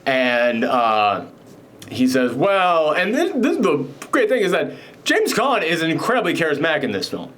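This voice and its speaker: A man hosting his own show, casually recapping a film in a rambling, animated way with many fillers. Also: a little high, normal speed. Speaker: film reviewer host.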